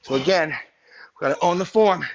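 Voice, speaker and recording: A winded male fitness coach leads a live workout in a slightly high voice. He counts reps, whoops to push people on, then slows into calm breathing and stretching cues. The audio is a bit dull. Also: creaky.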